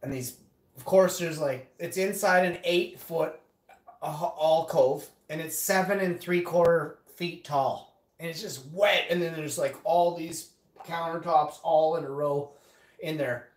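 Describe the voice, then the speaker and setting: A man's voice: a little high, measured pace. A man telling a casual story to camera, rambling with lots of fillers, restarts and swearing. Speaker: vlogger. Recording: roomy echo.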